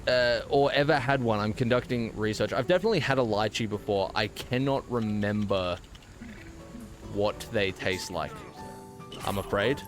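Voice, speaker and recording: A man's voice: on the low side, moderate pace, faint music behind. Australian man bantering with his stream chat. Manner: playful, mock-indignant banter with chat. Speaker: game streamer. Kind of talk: casual live-stream chat while gaming.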